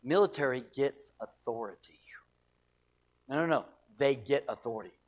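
A man's voice: medium pitch, moderate pace. A middle-aged man from the United States preaching a sermon as pastor, emphatic, repeating phrases and acting out quoted voices.

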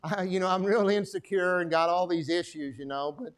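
A man's voice: high voice, brisk, a little hiss or hum. A middle-aged man from Texas with a Texan accent, preaching a sermon and telling his own story in a folksy way, calling for amens. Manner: folksy, calls for amens from the congregation. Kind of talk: sermon with personal testimony.

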